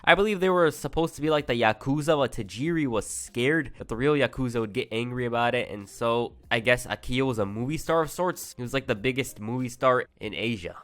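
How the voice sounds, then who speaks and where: A man's voice: mid-range voice, brisk, few pauses, fairly bright tone. A young man narrating a casual recap video, chatty and full of offhand asides. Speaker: YouTube wrestling history narrator.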